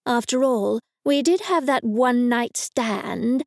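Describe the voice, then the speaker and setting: A woman's voice: fairly high pitch, takes it slowly, vocal fry, no room sound, clean studio sound. A woman with an Australian accent voicing a cheeky female punk rocker ghost possessing an older woman. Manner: bold, cheeky.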